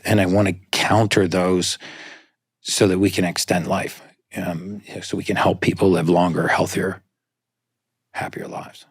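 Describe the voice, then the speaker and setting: A man's voice: deep voice, breathy edge, dry recording, studio quality. A man speaking as a guest in a conversational interview, talking earnestly and explaining at length.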